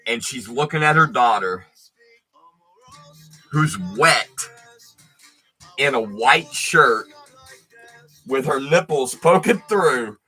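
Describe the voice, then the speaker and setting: A man spinning a personal story in a slow, deliberate, emphatic way, full of swearing. His voice is bright and forward, and he lets pauses hang between phrases. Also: medium pitch, animated, slightly rough, faint music behind. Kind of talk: profane casual storytelling.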